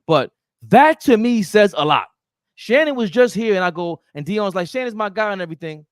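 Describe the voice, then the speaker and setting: A man co-hosting a casual sports podcast, talking in slangy, emphatic bursts with loud outbursts. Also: sits high, lively intonation, moderate pace, no room sound, studio quality. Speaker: podcast co-host.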